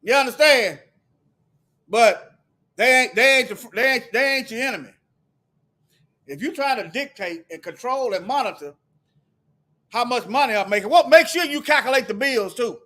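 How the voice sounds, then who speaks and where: A man delivering a heated, preachy monologue to his viewers, firing off repeated rhetorical questions and sometimes shouting. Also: very high voice, lively intonation, normal speed, pauses often. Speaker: video commentator.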